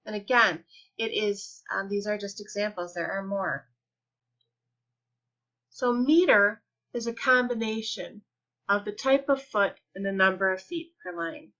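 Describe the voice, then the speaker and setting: Woman, teacher, patient, deliberate, bright voice, dull lo-fi recording. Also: mid-range voice. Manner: patient, deliberate, stretches example words slowly. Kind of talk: explanatory lesson.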